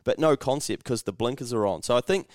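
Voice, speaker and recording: A man's voice: medium pitch, fast talker, no room sound, studio quality. Sweary New Zealand man telling a story. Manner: swears freely, acts out others in animated voices. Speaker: podcast co-host. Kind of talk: casual chat.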